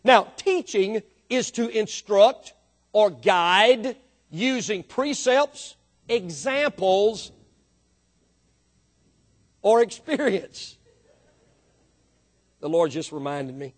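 A man preaching a sermon, emphatic, swinging from quiet explanation to loud drawn-out emphasis. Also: high-pitched, lively intonation. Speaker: pastor.

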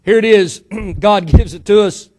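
A middle-aged man preaching a sermon to his church, emphatic, swinging between loud build-ups and quiet asides, full of rhetorical questions. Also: sits high, unhurried. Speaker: pastor.

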